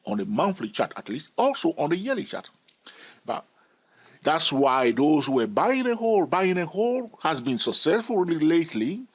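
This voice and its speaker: Husky man teaching chart trading. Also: a little high, sing-song, normal speed. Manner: emphatic, repeats key phrases. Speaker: trading educator. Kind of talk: chart analysis lesson.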